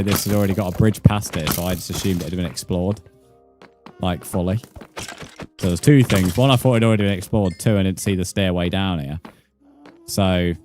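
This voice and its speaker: A man's voice: sits low, a little mellow. A man in his twenties, streaming a game live and chatting casually with viewers, swearing often. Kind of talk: casual live gameplay commentary.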